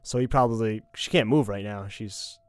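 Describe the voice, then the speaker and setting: A man co-hosting a casual podcast, relaxed and easygoing, trailing off with fillers as he talks. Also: lowish voice, normal speed. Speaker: podcast co-host. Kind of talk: casual chat.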